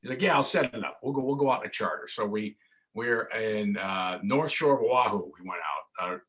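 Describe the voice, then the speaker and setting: A man, a sports broadcaster guesting on a podcast from his home studio, telling lively stories and acting out the voices of the people in them. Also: on the low side, fairly quick. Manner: lively, acts out voices in anecdotes. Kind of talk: animated storytelling in casual chat.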